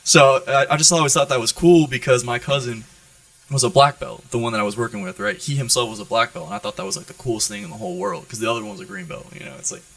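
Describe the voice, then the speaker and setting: An American man, a Marine, telling profane, animated stories as a podcast guest and often checking in with "right?". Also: medium pitch, fast talker, vocal fry, dry recording, recorded from a distance, poor audio. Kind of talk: storytelling in an interview.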